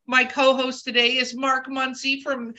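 A woman hosting a podcast in casual chat, her voice husky from a cold, talking in a chatty, self-mocking way. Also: sits high, monotone, unhurried, sharp tone. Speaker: podcast host.

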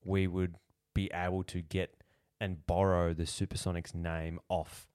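A man's voice: deep voice, flat delivery, a little slow, darkish tone, smooth, no echo, studio quality. A man with an Australian accent co-hosting a casual podcast, laid-back and blunt, swearing casually. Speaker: podcast co-host. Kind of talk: casual chat.

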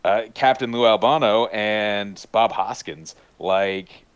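A man talking in a casual podcast chat, enthusiastic and rambling, full of fillers and restarts, who now and then breaks into high-pitched voice impressions. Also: takes it slowly, clear, resonant tone. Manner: mimics voices with sudden high-pitched bursts. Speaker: podcast panelist.

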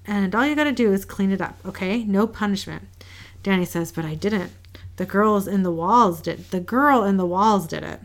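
Female co-host, gravelly, low-key, reads dialogue flat in a casual recap. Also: normal speed. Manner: reads quoted lines in a flat, low-key way with small laughs. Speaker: podcast co-host recapping an episode.

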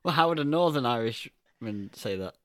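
A man co-hosting a film podcast, with a bright, forceful voice and a teasing manner. He chats casually and breaks into laughs often. His voice is recorded close and dry. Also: medium pitch, lively intonation, normal speed, clear, resonant tone, no echo. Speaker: podcast co-host. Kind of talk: casual film review chat.

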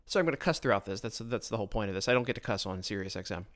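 A man's voice: fairly low pitch, racing, fairly bright tone. Blunt, sarcastic man ranting into a podcast mic. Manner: blunt, sarcastic, frequent restarts. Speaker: podcast host. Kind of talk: political commentary monologue. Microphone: his own podcast microphone.

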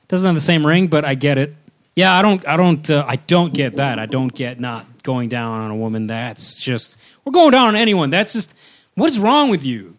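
A man spins crude tales in an easygoing comedy podcast, breaking into laughter as he talks. His pitch sits in the middle. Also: expressive, normal speed. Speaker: podcast co-host. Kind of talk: casual comedy podcast chat.

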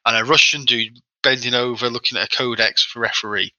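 A man telling a story in a casual podcast chat, quick and animated, acting out the people he quotes. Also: mid-range voice, highs cut off, over a noisy crowd. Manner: fast, animated anecdote-telling with acted-out quotes. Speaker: podcast guest.

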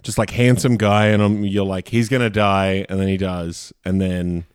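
A man jokes his way through a movie chat, rambling as he goes. His voice sits on the lower side. The sound is close and dry. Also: steady tone, moderate pace, a little mellow, clean tone, dry recording. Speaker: podcast co-host. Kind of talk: casual movie review chat.

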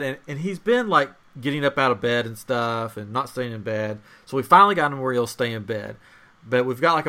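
A young man on a podcast telling a long family story in casual chat, animated and laughing as he acts out voices. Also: medium pitch. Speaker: podcast host.

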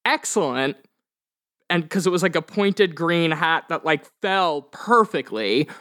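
A fairly high-voiced man runs a tabletop game podcast as game master, talking in a chatty, upbeat, rambling way. A slight lisp from vampire teeth colors his words. The sound is dry and close. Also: lively intonation, a little slow, a bit bright, no echo. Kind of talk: casual podcast chat and game hosting.

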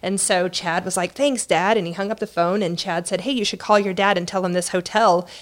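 A middle-aged woman co-hosting a podcast, telling a family story at a measured, reflective pace. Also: on the low side, steady tone. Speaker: podcast co-host. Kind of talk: casual storytelling with her husband.

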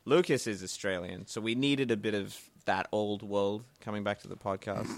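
A man's voice: fairly low pitch, fairly even intonation, normal speed, a bit bright, dry recording. A man hosting a live podcast in casual chat, rambling with many fillers. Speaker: podcast host. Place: bookstore, live event.

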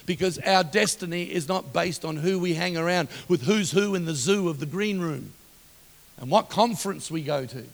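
A middle-aged man preaching a sermon, telling stories with passion and rising to loud exhortation. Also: fairly high pitch, moderate pace, creaky. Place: church hall. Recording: long reverb of a large hall.

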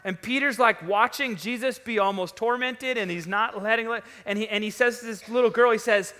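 Male pastor, conversational sermon, bright forceful tone, big church hall reverb. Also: high voice, fairly even intonation, brisk, hardly any pauses, clear, resonant tone. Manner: conversational, storytelling, emphatic. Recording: long reverb of a large hall.

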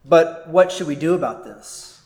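Slow, earnest male preacher in echoey room. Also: fairly high pitch, animated, darkish tone. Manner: measured, earnest preaching with rhetorical "right?". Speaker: pastor. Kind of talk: sermon.

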